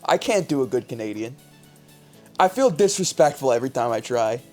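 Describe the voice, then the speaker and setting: A man's voice: medium pitch, lively intonation, brisk, soft background music. A man hosting a live stream, chatting casually with chat and a co-player, joking and swearing freely. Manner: joking, profane, riffs with chat. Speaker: streamer host playing a word game.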